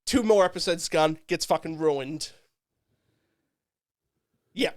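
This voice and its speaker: A man's voice: a little high, slow pace, no room sound, clean studio sound. A man co-hosting a podcast, chatting casually and retelling a show in a profane, rambling way with lots of filler words. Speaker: podcast co-host. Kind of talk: casual chat.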